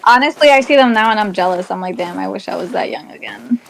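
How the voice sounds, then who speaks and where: A woman's voice: mid-range voice, expressive, fast talker, vocal fry, slight background noise. A woman chatting casually as a co-host, making dry, teasing remarks. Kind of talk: casual chat.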